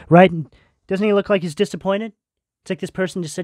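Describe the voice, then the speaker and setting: A man's voice: high voice, quick pace, a little mellow, no echo, studio quality. A man giving a tarot reading straight to his viewers, earnest and reassuring, with lots of spiritual terms. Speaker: tarot reader.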